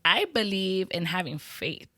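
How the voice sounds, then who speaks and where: A woman's voice: lowish voice, lively intonation, a little slow, sharp tone, no room sound, studio quality. A woman business owner chatting in an interview, talkative and laughing often, with lots of "you know" fillers. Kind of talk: casual interview chat.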